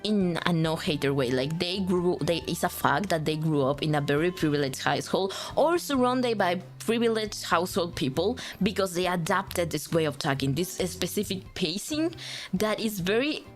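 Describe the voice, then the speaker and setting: A woman's voice: fairly low pitch, lively intonation, normal speed, soft background music. A young woman, a native Spanish speaker with a Latin American Spanish accent, chatting casually on a stream, rambling with lots of fillers and restarts and joking about herself. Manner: rambling, with many fillers and self-corrections; joking and self-deprecating. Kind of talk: casual chat.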